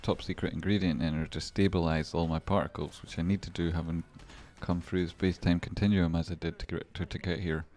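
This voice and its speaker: A man's voice: low voice, flat delivery, fast, few pauses, darkish tone. A Scottish man hosting his own market analysis show, playful and chatty, talking to himself and swearing freely. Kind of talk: casual rambling market commentary.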